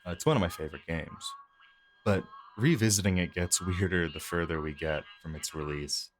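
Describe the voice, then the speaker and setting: A man with a very low voice narrates his own gameplay, trading sarcastic jokes with the game's characters. His delivery stays casual and wry throughout. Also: normal speed, soft background music. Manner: sarcastic, joking. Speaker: gameplay commentator. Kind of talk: let's play commentary.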